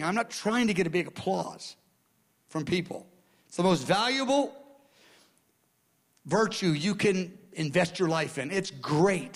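Earnest high-voiced male preacher. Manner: earnest, repeats phrases, swings from soft murmurs to loud outbursts. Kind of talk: sermon.

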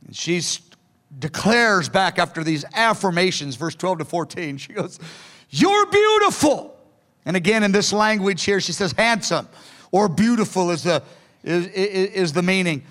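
A man's voice: sits high, normal speed, a bit bright. A man preaching a sermon in an earnest, pleading way, sometimes acting out quoted lines. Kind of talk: sermon teaching from notes.

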